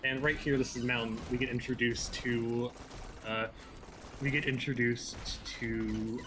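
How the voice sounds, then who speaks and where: Male speedrun commentator, casual, dry sarcastic humor, stumbles and restarts a lot, mid pitch. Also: level tone, a little slow, background noise. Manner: joking, dry sarcasm, stumbles over words.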